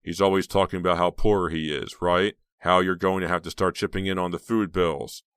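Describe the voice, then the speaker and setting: A man's voice: low voice, flat delivery, normal speed, a bit bright, smooth, dry recording, studio quality. A man reading an audiobook, voicing a bitter, anxious teenage girl in a raised, pleading voice.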